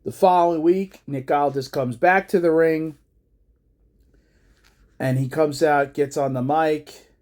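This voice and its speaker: A man casually narrating a wrestling storyline idea in a low-key, unhurried way. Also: steady tone, darkish tone. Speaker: fan pitching a wrestling storyline.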